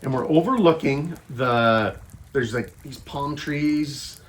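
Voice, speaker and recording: A man casually telling a travel story, rambling and animated, with many restarts and fillers. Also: mid-range voice, takes it slowly. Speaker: travel vlogger.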